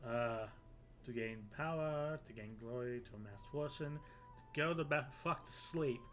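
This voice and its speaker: American man, casual let's-play commentary, mid-pitched, dry muttered asides, faint music behind. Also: normal speed, a bit bright. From United States. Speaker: game streamer.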